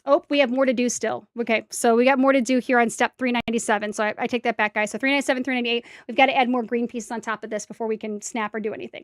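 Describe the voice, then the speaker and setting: A woman's voice: fairly high pitch, fairly even intonation, very fast, hardly any pauses, dry recording. A woman streaming herself building a brick set, chatting casually to viewers and talking to herself as she corrects mistakes. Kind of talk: casual step-by-step build commentary.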